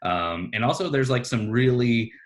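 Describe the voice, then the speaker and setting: A man's voice: mid-range voice, expressive, moderate pace. A man co-hosting a casual podcast chat, teasing dryly and using lots of fillers. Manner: dry, teasing, filler-heavy. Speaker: podcast co-host.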